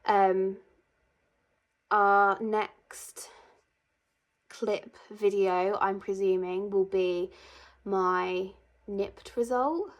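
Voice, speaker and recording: Twenties woman, casual vlogger, earnest and talkative, mid-range pitch. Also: steady tone, very slow, long pauses. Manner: emotional, chatty, many fillers. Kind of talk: casual vlog storytelling.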